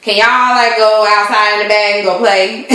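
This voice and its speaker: A woman chatting casually as she recaps a TV episode, acting out the characters' lines in an animated way. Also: medium pitch, unhurried. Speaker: TV show reviewer. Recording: echoey room.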